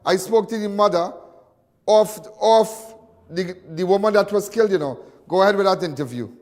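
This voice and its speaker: A Trinidadian man hosting a live crime call-in show, animated and repetitive. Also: high-pitched, normal speed, in a large hall. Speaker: talk show host.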